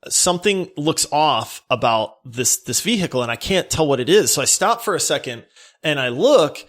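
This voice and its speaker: A man co-hosting a podcast, telling a story in an animated way, laughing and breaking into near-shouts. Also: a little high, moderate pace. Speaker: podcast co-host.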